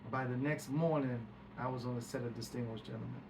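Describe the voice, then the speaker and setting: A man's voice: medium pitch, fairly even intonation, quick pace, vocal fry. A man recounting a story as a guest, acting out quoted speech and swearing freely. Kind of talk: animated storytelling. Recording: distant mic with background hiss.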